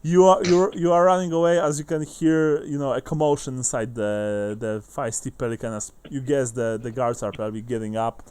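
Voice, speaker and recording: Game master man, mid-pitched, loose narration, lots of fillers. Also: steady tone, brisk, hardly any pauses, darkish tone, clean tone, dry recording. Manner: loose, many fillers and restarts.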